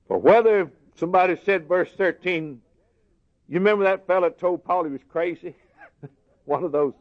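A man preaching a sermon in earnest, plain folksy words, dropping to a hush and then rising for emphasis. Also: fairly high pitch, normal speed. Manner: earnest, swings from soft and hushed to raised emphasis. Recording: dull lo-fi sermon recording.

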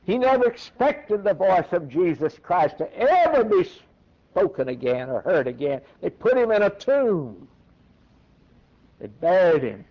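A male preacher giving a sermon, animated, who breaks into a high emphatic voice for quoted lines and laughs between points. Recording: dull lo-fi recording.

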